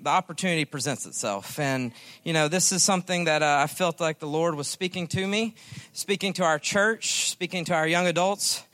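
High, bright-voiced man preaching. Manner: folksy, joking storyteller. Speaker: guest preacher. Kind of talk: sermon.

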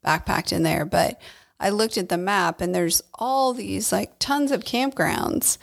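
Creaky-voiced woman, casual podcast chat. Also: medium pitch, measured pace. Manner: agreeable, chimes in with short replies. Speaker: podcast co-host.

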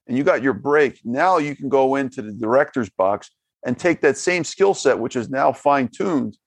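A man's voice: mid-range voice, lively intonation, moderate pace, no echo. A man hosting a podcast, rambling and repeating words as he sums up his guest's points. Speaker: podcast host. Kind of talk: podcast conversation.

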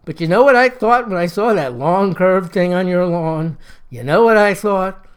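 A man voicing a drunk, overly sentimental middle-aged man who slurs and repeats himself, pitched a little higher than his own voice. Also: moderate pace, clear, resonant tone, close to an everyday voice. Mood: tipsy, insistent. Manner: slurred, pushy, repeats himself.

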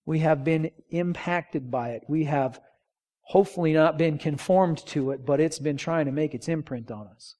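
Male pastor, slightly high voice; conversational sermon with call-and-response. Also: dark tone. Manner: conversational preaching with rhetorical questions and call-and-response.

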